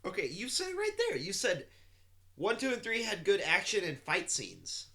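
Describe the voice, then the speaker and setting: A man's voice: high-pitched, wildly swooping pitch, moderate pace, vocal fry, pushed and bright. A young man in casual podcast chat, blunt and dismissive, swearing freely. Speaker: podcast co-host.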